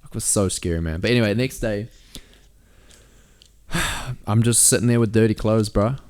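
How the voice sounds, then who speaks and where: Low-voiced crude storyteller. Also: male voice, normal speed. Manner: swears a lot, acts out quotes in a high shouty voice. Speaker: podcast co-host.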